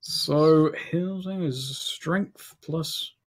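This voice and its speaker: A man's voice: fairly high pitch, extremely slow. A man acting as game master in a tabletop game, explaining rules patiently with many fillers. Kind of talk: running a tabletop game online.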